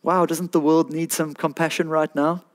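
A man preaching, his voice pitched a little high for a man. He talks in an animated, pleading way and builds to emphatic peaks. It sounds like a sermon from a pastor to his congregation. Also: moderate pace.

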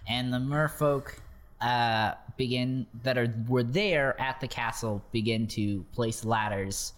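A man's voice: mid-range voice, takes it slowly. A man running a tabletop game as game master, narrating loosely with fillers and chuckles.

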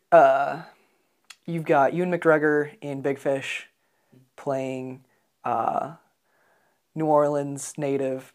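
Hesitant American man talking films. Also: fairly high pitch. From United States. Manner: hesitant, many ums and restarts. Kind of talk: casual film discussion.

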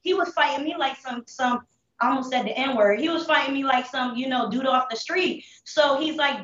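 High-voiced woman telling her story candidly. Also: fairly bright tone, roomy sound, recorded from a distance, dull audio. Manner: candid street slang, halting restarts. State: holding back tears. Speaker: interview guest. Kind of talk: emotional personal testimony.

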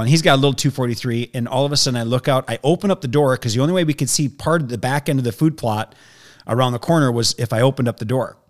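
A man with a mid-range voice tells a story with real energy. He acts out the voices of the people in it as he goes. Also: medium pitch. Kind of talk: animated hunting story.

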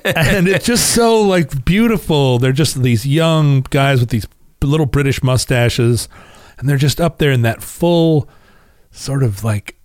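A man's voice: medium pitch, unhurried, dry recording. A man co-hosting a film review podcast, telling stories with laughs and restarts in casual chat. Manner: animated, laughing storyteller with many restarts. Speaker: podcast co-host.

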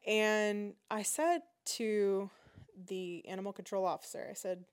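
A woman hosting a podcast, telling a personal story in a lively, indignant way. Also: fairly low pitch, moderate pace, smooth. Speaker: podcast host. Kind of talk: casual storytelling.

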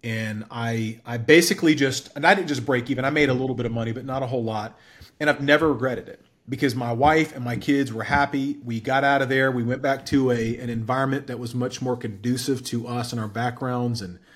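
A man in his forties, a guest in an interview, telling his story in a candid, animated way. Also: medium pitch, fairly quick. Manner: candid, animated storyteller who acts out quoted dialogue.

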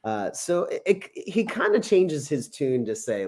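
A man's voice: fairly high pitch, sing-song, unhurried, few pauses, a little mellow. A man in casual conversation, walking through a Bible passage and acting out the quotes with an easy chuckle. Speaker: podcast co-host discussing scripture.

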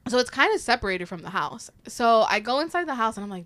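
A woman host telling a scary story in casual chat, animated and profane, acting out the people she quotes. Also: fairly high pitch, fast.

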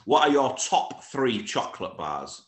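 A man's voice: mid-range voice, sing-song, a little slow, reverberant. A man hosting an interview, friendly and chatty, reading out questions from followers. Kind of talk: casual interview chat.

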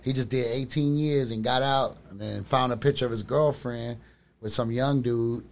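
A man's voice: medium pitch, steady tone, moderate pace. A middle-aged man in casual chat, telling long rambling stories in street slang. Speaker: storyteller on a podcast.

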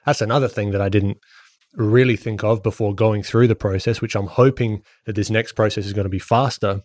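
A man's voice: fairly low pitch, fairly even intonation, a little fast, darkish tone, no echo, clean studio sound. A man and podcast co-host chatting casually, rambling and explaining with lots of restarts. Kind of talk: casual chat.

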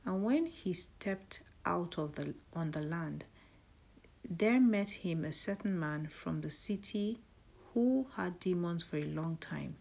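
A woman with a low, gravelly voice leads a devotional, praying and reading scripture. Her soft delivery keeps slipping into a breathy half-whisper. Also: expressive, slow pace. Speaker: devotional host.

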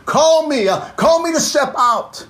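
A male pastor voicing an eager male disciple who pleads in excited bursts during a sermon. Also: very high-pitched, unhurried, full character voice. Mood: pleading.

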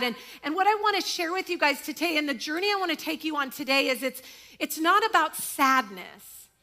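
A woman's voice: sits high, bright, forceful tone. A middle-aged woman pastor giving a sermon in a church, telling a story conversationally and acting out the quotes.

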